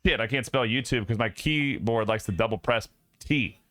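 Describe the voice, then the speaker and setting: A man's voice: medium pitch, moderate pace, fairly bright tone, no room sound. A young man streaming live, chatting casually with his viewers and joking and laughing a lot.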